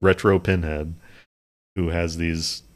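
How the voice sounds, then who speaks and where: A man's voice: deep voice, little pitch movement, takes it slowly. A man co-hosting a podcast, casually and animatedly discussing a movie with friends and laughing often. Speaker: podcast co-host.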